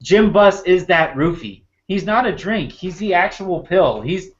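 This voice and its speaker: Male panelist, fairly high voice, jokey and riffing, slightly muffled recording. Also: animated, measured pace. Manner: jokey, laughs often, builds long comic comparisons. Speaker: sports podcast panelist. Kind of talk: casual chat.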